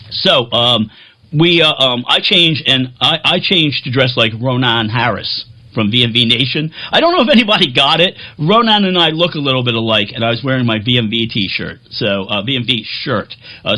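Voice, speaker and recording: A man rambles through a casual vlog story with self-deprecating jokes. His voice is bright and forward, and his pitch swoops around animatedly. He plays keyboards in a band.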